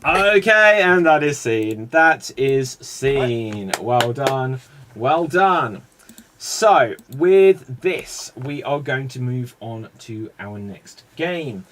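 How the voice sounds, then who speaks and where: A man's voice: mid-range voice, expressive, extremely slow, a bit bright, a little hiss or hum. A man with a British accent hosting a live improv comedy show, announcing scenes and explaining game rules in an upbeat way.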